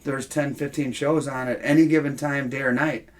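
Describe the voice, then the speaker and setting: A man's voice: mid-range voice, steady tone, normal speed. A man hosting a casual interview, then chatting easily while showing off his purchases. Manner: chatty, easygoing, exclaiming over finds. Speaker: host. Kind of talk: casual chat and show-and-tell.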